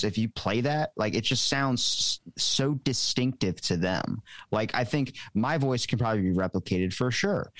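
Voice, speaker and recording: A man's voice: on the low side, no room sound. An American man hosting a casual podcast chat, joking and slangy. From United States.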